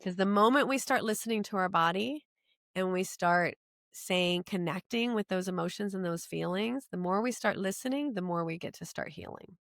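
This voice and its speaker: A middle-aged woman, a podcast guest, telling her personal story in an earnest, animated way. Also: mid-range voice, moderate pace, gravelly, no echo, studio quality.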